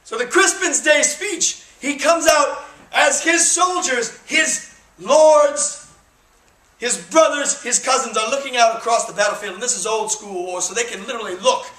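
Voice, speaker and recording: A man's voice: very high-pitched, moderate pace, sharp tone. A man, a touring actor, telling a history story to students in a jokey, conversational, emphatic way, recorded by a far camera in a school auditorium. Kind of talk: theatrical storytelling. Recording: echoey hall from far off.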